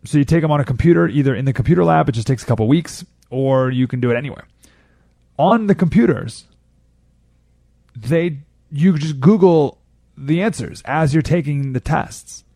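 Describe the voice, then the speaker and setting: A man's voice: on the high side, dark tone, no echo, studio quality. A man hosting a talk radio show, delivering an opinionated monologue with sarcastic, incredulous jabs and laughter.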